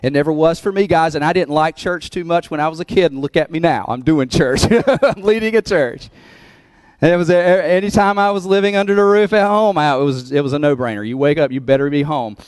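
A man's voice: fairly high pitch, brisk, clear, resonant tone, no room sound. A man preaching as pastor of his church, talking conversationally and laughing between points, building to emphatic peaks. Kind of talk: sermon.

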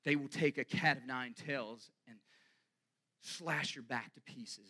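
A man preaching a sermon, swinging dramatically between hushed, near-whispered lines and loud, rising declarations. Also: mid-range voice, slow pace.

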